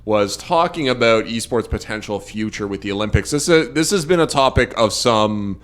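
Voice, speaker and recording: A man's voice: lowish voice, lively intonation, normal speed. A man co-hosting a podcast in a studio, joking in a dry, self-deprecating way. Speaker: podcast co-host. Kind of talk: casual podcast banter.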